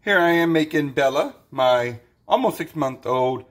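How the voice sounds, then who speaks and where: A man's voice: fairly high pitch, expressive, a little slow. A man with a voice sitting a little above the usual male range talks in an easygoing home vlog. He rambles, restarts and repeats words as he goes, like an owner explaining his routine off the cuff. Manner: rambling, filler-heavy, repeats himself. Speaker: dog owner vlogger.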